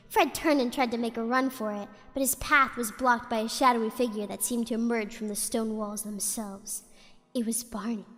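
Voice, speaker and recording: High-voiced woman giggling through spooky reading. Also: a bit bright, big-room sound. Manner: giggles often while reading, breaks off to chat. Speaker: streamer reading stories. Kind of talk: casual spooky story reading.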